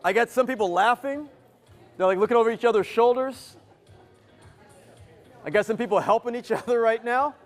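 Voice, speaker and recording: Male motivational speaker with a high voice, working a live crowd playfully. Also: moderate pace, long pauses, soft background music. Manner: energetic, playful, teasing the audience. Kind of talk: interactive live keynote. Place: event venue with a live audience.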